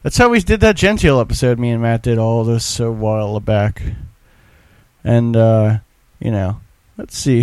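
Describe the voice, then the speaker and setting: A man's voice: medium pitch, warm tone, no echo. A man hosting a music show, talking casually and rambling with plenty of swearing. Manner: profane, griping, offhand. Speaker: radio show host.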